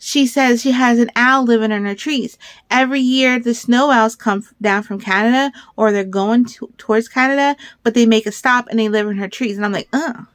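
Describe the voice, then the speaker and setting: A woman in her thirties rambles through a casual crafting vlog, her voice sitting a little high. She gets excitable and animated as she tells her stories. The sound is close and dry, with no room echo. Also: moderate pace. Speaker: crafter vlogger.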